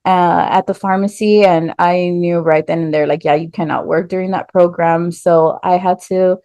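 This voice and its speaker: A woman tells her own story as a podcast guest, animated, with lots of "like" and "um" fillers. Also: fairly low pitch, moderate pace, clear, resonant tone, no echo. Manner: animated storyteller, acts out quoted voices, many "like" and "um" fillers. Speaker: podcast guest, nurse and business owner. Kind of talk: casual storytelling interview.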